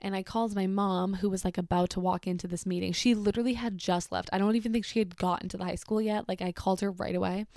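A young woman casually telling a personal story, chatty and animated, filling her sentences with "like". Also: mid-range voice, fast, few pauses, no room sound, clean studio sound. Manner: chatty, heavy use of "like", animated retelling.

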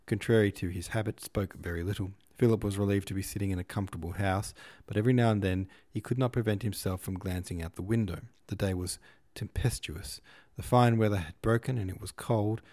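Man, podcast host, reading a classic novel aloud, low voice, mellow tone, measured and unhurried narration. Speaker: podcast host and audiobook reader.

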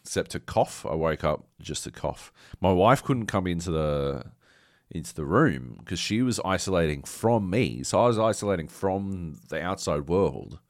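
A man's voice: low voice, animated, moderate pace, no echo, studio quality. A man co-hosting a podcast, telling a rambling, profane story with dramatic quoted asides, still carrying a slight cough. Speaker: podcast co-host. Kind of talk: casual chat.

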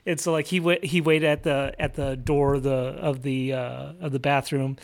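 A young man, a police officer as podcast guest, telling a rambling, self-deprecating story with many fillers and hushed asides. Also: medium pitch, flat delivery, moderate pace, gravelly. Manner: rambling, filler-heavy, self-deprecating, drops to a hush when retelling quiet moments. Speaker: guest, police officer recounting his recovery. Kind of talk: casual storytelling in conversation.

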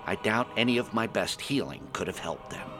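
A man's voice: fairly low pitch, animated, normal speed, music in the background. A man narrating a fantasy adventure in the first person, reading it aloud expressively. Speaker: storyteller.

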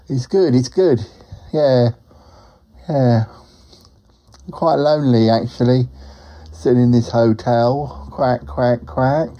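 A slow, rambling talking duck, as a man puts him on, chatty and a bit lonely. He sprinkles quacks through every thought and chuckles at his own jokes. His voice sits low and mellow for a comic podcast bit. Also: highs cut off. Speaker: show regular. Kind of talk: comic character monologue.

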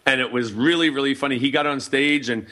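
A man's voice: mid-range voice, fairly even intonation, fast, sharp tone. A middle-aged man hosting a casual talk show, telling a rambling story full of fillers and restarts. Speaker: host.

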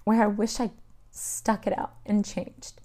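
A woman's voice: mid-range voice, little pitch movement, a little slow, mellow. A woman in her forties from Utah, telling her personal story as an interview guest in a chatty way, acting out past conversations with many fillers.

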